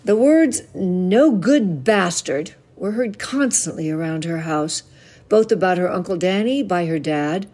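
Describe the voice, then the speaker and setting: A woman in her seventies, a novelist, expressively reading a passage from her own book aloud. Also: fairly low pitch. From United States. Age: 70s. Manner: expressive storytelling reading with voiced quotes.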